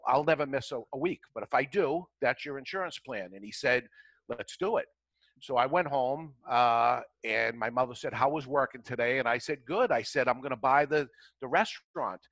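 A man's voice: medium pitch, fairly bright tone, no echo, low-quality recording. A man, casually telling a long anecdote as a talk show guest and acting out both sides of old conversations. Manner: anecdotal, acts out dialogue in quotes. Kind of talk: casual storytelling.

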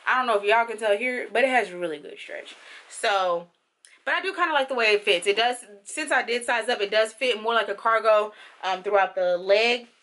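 A young woman chatting casually through a clothing try-on haul, playful and slangy, with sudden high squeals of excitement. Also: moderate pace. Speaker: fashion vlogger.

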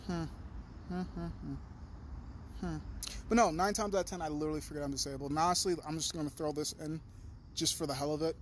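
A young man with a notably high voice talks straight into the camera in a loose, rambling vlog. He swears freely, jumps from one thought to the next and gets animated as he goes. A faint background hum sits under his voice. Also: fast, long pauses. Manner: profane, animated, digressive; talks in a high sing-song to his dog. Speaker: vlogger. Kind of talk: rambling casual monologue.

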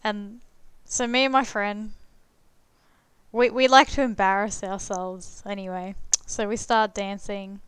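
A young woman streamer chats through a story while she plays a game, peppering every sentence with "like" and casual swearing. Her voice is very smooth and clean. The sound is close and dry, with no room around it. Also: mid-range voice, steady tone, a little slow, a bit bright, dry recording. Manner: chatty, heavy on "like" fillers, swears freely.

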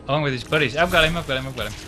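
A man's voice: fairly high pitch, very fast, bright, forceful tone, faint music behind. A young man playing a co-op shooter game, tossing off wry quips and callouts to his partner. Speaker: gameplay co-commentator. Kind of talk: casual co-op gaming commentary.

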